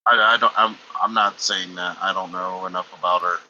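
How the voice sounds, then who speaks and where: A man's voice: sits low, steady tone, a little fast, pushed and bright, lo-fi sound. A man chatting informally as a co-host on a stream, a bit hesitant.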